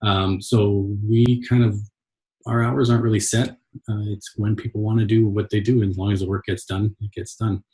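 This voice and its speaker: A man from Canada, an agency owner, talking as a guest in a relaxed, halting way with many pauses and restarts. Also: on the low side. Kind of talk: casual interview chat.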